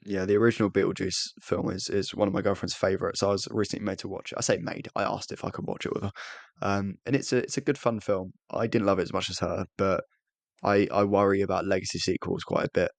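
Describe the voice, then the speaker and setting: A man's voice: low-pitched, creaky, no echo. A young British man co-hosting a podcast in casual chat, rambling and self-deprecating with frequent restarts. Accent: British English. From Britain. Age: young adult. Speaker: podcast co-host.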